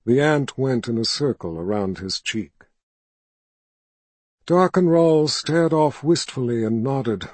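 A male audiobook narrator who reads a fantasy novel slowly and deliberately. His voice is husky and mid-pitched, recorded close and dry. He tells the story in a measured, even way. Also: dry recording.

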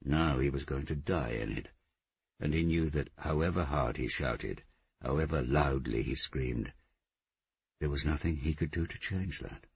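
Give me a man with an extremely low voice reading a novel, measured and dry. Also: slightly rough, dry recording, highs cut off. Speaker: audiobook narrator. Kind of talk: scripted narration.

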